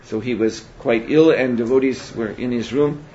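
A man teaching a spiritual seminar in a measured, reflective way, often pausing to hesitate. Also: mid-range voice, dark tone. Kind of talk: spiritual lecture. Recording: dull lo-fi recording with faint hiss.

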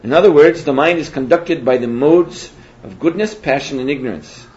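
A man teaching a spiritual seminar in a measured, reflective way, often pausing to hesitate. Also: a little high, darkish tone. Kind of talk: spiritual lecture. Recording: dull lo-fi recording with faint hiss.

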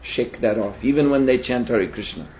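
A man teaching a spiritual seminar in a measured, reflective way, often pausing to hesitate. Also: medium pitch, warm tone. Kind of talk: spiritual lecture. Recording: dull lo-fi recording with faint hiss.

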